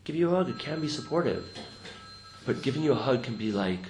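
This meditation teacher has a medium-pitched, somewhat dark voice with lively intonation, and he talks fast. His talk to the group is informal and reflective, and he often checks in by adding "right?" to his sentences. Faint noise sits in a roomy recording.

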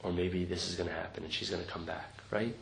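A man's voice: sits low, fairly even intonation, quick pace, creaky. A man teaching meditation to a group in an informal, reflective talk, often checking in with "right?". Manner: reflective, conversational, tags many sentences with "right?". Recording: roomy recording with faint noise.

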